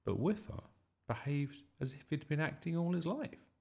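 A man reading a children's story aloud in a lively, expressive way. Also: on the high side, moderate pace, creaky. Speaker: storybook reader.

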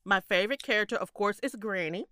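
A woman co-hosting a casual chat podcast, emphatic and quick to laugh. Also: medium pitch, dry recording, clean studio sound. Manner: animated, laughs often, emphatic. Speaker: podcast co-host.

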